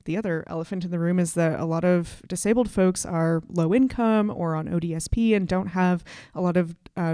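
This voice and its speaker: A woman's voice: fairly low pitch, warm tone, dry recording, studio quality. A woman speaking on a podcast panel discussion, candid and chatty with frequent fillers.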